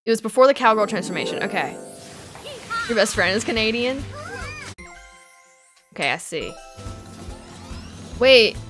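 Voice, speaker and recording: Over music, a woman with a fairly high voice chats with her viewers during a gaming live stream, unhurried and leaving long pauses. She's giggly and animated, laughing often as she reads and responds to chat.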